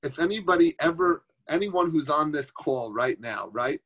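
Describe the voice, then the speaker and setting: A man's voice: fairly high pitch, lively intonation, normal speed, fairly bright tone. A man teaching Torah informally on a group phone call, conversational, asking rhetorical questions and mixing in Yiddish and Hebrew terms.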